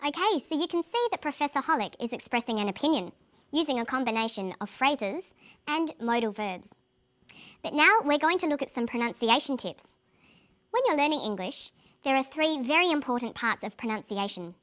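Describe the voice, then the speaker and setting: A woman presenting an English pronunciation lesson in a clear, carefully paced scripted delivery. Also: high voice, lively intonation, a little fast, fairly bright tone.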